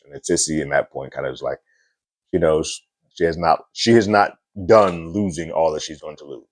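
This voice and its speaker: A man's voice: low-pitched, moderate pace, darkish tone, dry recording. A man giving a casual, conversational TV episode review, with loose fillers and little laughs.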